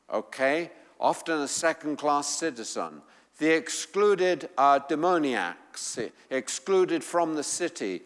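Slow, emphatic preacher in a reverberant hall. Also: male voice, fairly high pitch. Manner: emphatic, rising to fervent appeals to the congregation. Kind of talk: sermon.

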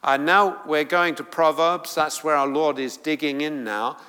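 A middle-aged preacher delivers sermon teaching slowly and deliberately, pausing on fillers and restarting thoughts. His bright, clear, fairly high voice keeps a mostly even intonation but lifts for emphasis when he quotes scripture. A long reverb from a large hall fills the recording.

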